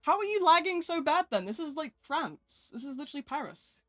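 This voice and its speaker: A woman's voice: sits high, sing-song, fairly quick. A young woman with a British accent chatting casually on a live game stream, rambling and self-deprecating as she reads her chat aloud from a home desk mic.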